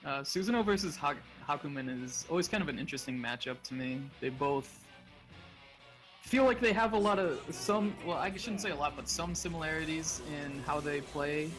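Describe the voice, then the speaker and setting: A man's voice: a little high, normal speed, low-quality recording. Man calling fighting-game plays over music. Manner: relaxed play-by-play with short excited calls. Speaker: tournament commentator. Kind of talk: live esports commentary.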